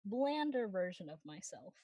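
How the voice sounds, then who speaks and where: A woman speaking as a player in a tabletop game, in hesitant, halting phrasing. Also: mid-range voice, big pitch swings, dark tone, no echo. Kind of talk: tabletop game role-play.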